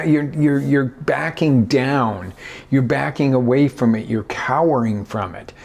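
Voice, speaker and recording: A man's voice: mid-range voice, creaky. A man talking as a motivational life coach in a live video, acting out little scenes with big jumps in his voice. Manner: animated, acts out scenarios with big voice inflections. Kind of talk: motivational talk.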